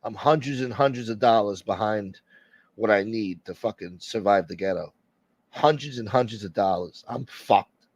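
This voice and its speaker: A man's voice: on the low side, moderate pace, no echo, muffled recording. A man hosting a casual live stream, joking and swearing as he greets viewers by name and asks for support. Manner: profane, joking, reading out viewer names. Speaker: livestream host.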